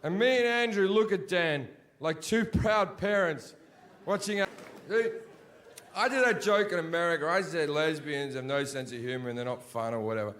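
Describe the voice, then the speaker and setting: A man performing a stand-up routine, crude and swearing, mimicking the people in his stories and swinging from low mutters to shouts. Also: moderate pace. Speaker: stand-up comedian. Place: comedy stage before an audience.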